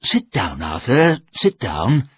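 A man playing a busy senior solicitor, brisk and commanding with a husky edge. The voice sits a touch higher than the narrator's, and the sound is thin and tinny, like a phone line. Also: wildly swooping pitch, heavily acted.

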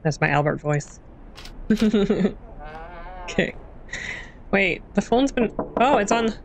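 A woman's voice: mid-range voice, lively intonation, takes it slowly, creaky, slight background noise. A young woman casually commenting on a horror game as she plays, jumpy and self-mocking. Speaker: gaming channel host.

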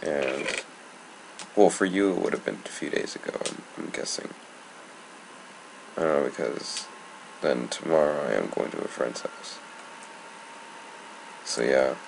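A man's voice: rumbling low, expressive, unhurried, vocal fry, long pauses. A young man giving casual, annoyed gameplay commentary, rambling and swearing. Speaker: gamer. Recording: noisy home recording.

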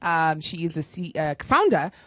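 A woman with a Kenyan accent hosting a morning radio show in a playful, lively way. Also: sits low, normal speed, no echo. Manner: playful, lively, mixes Swahili and English. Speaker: radio host.

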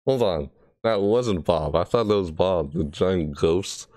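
Low-pitched and expressive with a darkish tone, this gaming video creator takes a measured pace while reacting casually to a game trailer. He rambles, corrects himself, and slips into shrieked character impressions, in a dry, studio-quality recording.

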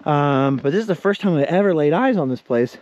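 A man's voice: fairly high pitch, expressive, brisk, a little mellow, dry recording, dull audio. A middle-aged man, out of breath, chatting in a rambling vlog while hiking outdoors at old ruins. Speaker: vlogger. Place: outdoors at a desert mine ruin.

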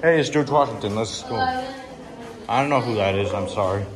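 A man giving excitable, rambling running commentary as he walks through a dim indoor attraction, filming on a handheld phone. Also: medium pitch, normal speed, crowd noise. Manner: excitable, rambling, self-correcting. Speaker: vlogger touring an attraction.

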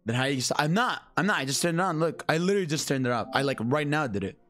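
Loud swearing young man streaming a game. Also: fairly high pitch, expressive, racing. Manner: loud, swearing, screaming and laughing at jump scares. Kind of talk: live gameplay commentary.

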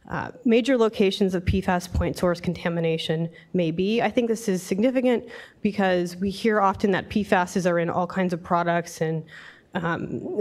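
A woman with a slightly low, scratchy voice from a passing cold gives a technical lecture. She explains at a measured pace and fills her pauses with frequent ums. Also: a little mellow. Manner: many filler ums, measured explanatory delivery. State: getting over a cold, scratchy voice. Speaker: invited speaker, environmental engineer. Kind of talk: technical presentation.

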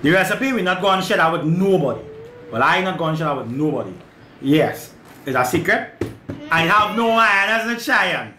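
A man with a Trinidadian accent hosts a home cooking show, joking and laughing through relaxed kitchen banter. His voice sits high, expressive and fairly quick, recorded in an echoey room with background noise.

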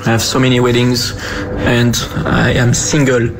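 A man from France in a casual social media clip, joking and halting with fillers. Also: medium pitch, monotone, noisy background. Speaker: social media video poster.

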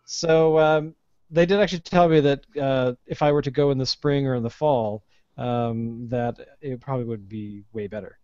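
A man, hosting a casual podcast chat and telling an animated, ranting story with plenty of swearing. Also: medium pitch, normal speed, no echo. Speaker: podcast host. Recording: dull lo-fi podcast audio.

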